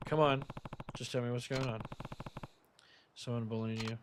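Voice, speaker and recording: A man voicing a stern but caring guardian who speaks plainly and firmly. The voice stays mid-pitched and close to his own. A steady hiss sits under it. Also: moderate pace, lightly acted. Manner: reading game subtitles aloud. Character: stern protective grown man, guardian of orphans.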